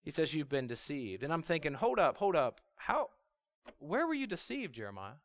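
A middle-aged man preaching a sermon, his voice sitting fairly high for a man. He is animated, acting out the prophet's complaints with feeling, and he turns low and quiet when he reads scripture. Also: normal speed.

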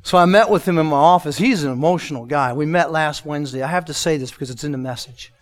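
Pastor, Midwestern man, high-pitched, emotional sermon delivery with sudden hushed moments. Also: quick pace. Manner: emotional, swings from loud emphatic lines to hushed soft ones. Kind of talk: sermon with a personal testimony.

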